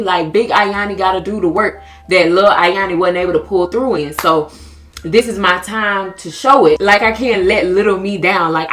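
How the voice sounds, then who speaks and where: A young American woman in her twenties, a vlogger, gives a candid self-help talk to camera. Her voice is low-toned yet fairly bright, and she comes across as earnest, confessional and emotionally open.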